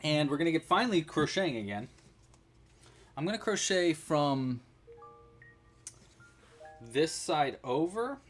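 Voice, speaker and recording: Male crochet host, chatty and playful, very lively pitch, soft music underneath. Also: a little slow, pauses often. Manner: chatty, narrates his own handiwork, playful asides. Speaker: crochet instructor. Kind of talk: casual livestream tutorial.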